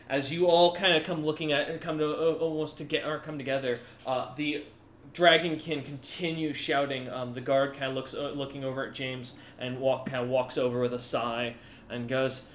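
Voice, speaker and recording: A man's voice: mid-range voice, a bit bright, echoey room, a little hiss or hum. A man running a tabletop game as game master, narrating in a rambling way full of restarts.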